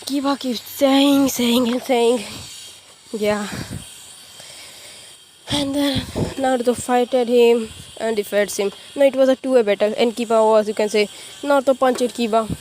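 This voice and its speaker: A woman's voice: fairly high pitch, steady tone, a little slow, darkish tone, slight background noise. A woman casually retelling a fan story in a rambling, filler-heavy way with frequent restarts.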